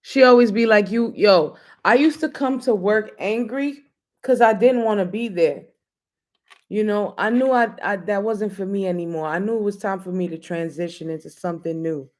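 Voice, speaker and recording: A man's voice: sits high, normal speed. A man hosting a casual chat show, talking in a loose, joking, slangy way. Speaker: host.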